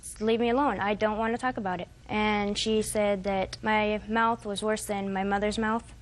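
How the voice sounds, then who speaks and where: A woman's voice: medium pitch, fairly even intonation, normal speed. A woman in her twenties giving testimony as a defendant in court, rambling and hesitant, quoting what others said. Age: 20s.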